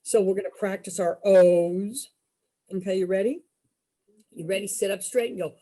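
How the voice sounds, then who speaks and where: A woman's voice: a little high, moderate pace, warm tone. A woman leading a group sing-along over a video call, cheerful and giving simple step-by-step directions.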